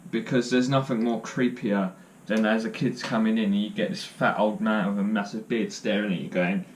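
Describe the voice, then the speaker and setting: A man's voice: lowish voice, fairly even intonation, normal speed, a little hiss or hum. A young man chats straight to camera, telling stories and cracking jokes at his own expense. He rambles loosely and fills the gaps with ums and uhs. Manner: jokey, self-deprecating, rambling with fillers. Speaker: vlogger. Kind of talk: casual storytelling to camera.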